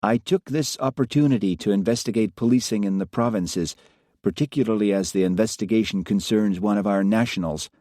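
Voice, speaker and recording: A man's voice: fairly low pitch, fairly quick, mellow, dry recording, studio quality, close to an everyday voice. A man voicing a blunt Russian policewoman inspector with a Russian accent tinged with American, speaking curtly and formally. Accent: Russian with faint American tones. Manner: curt, formal and commanding.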